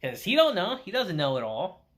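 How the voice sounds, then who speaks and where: Male anime reviewer, casual and animated, with a lively pitch. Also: moderate pace. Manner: animated storytelling with acted-out quotes. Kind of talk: casual episode recap.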